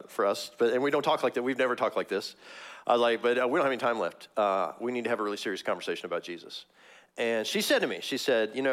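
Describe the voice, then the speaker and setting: In a church sanctuary, a middle-aged male pastor from Missouri delivers a casual, conversational sermon full of fillers and frequent laughs. His tone is fairly bright, and his pitch jumps up when he acts out a story.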